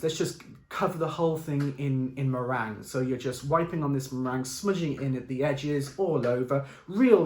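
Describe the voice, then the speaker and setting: A man who describes a painting as if it were a recipe, playful and excitable, with many fillers and restarts. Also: fairly high pitch, reverberant. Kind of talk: improvised audio description.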